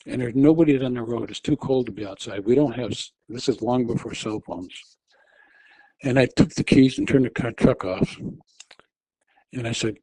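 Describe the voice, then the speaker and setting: A middle-aged man recounts a personal ordeal for an interviewer, often restarting his sentences. His voice is mellow and dark, and it climbs high and loud when he re-enacts his own shouting. The recording is dry, with no room sound. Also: normal speed, husky, no echo, rough recording. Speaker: interview guest telling his testimony. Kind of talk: personal storytelling. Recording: audio only.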